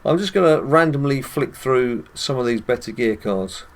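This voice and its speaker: A man's voice: mid-range voice, expressive, normal speed. Chatty British man narrating gameplay. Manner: chatty, addresses viewers, chuckles often. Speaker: gaming channel host. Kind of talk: casual gameplay commentary.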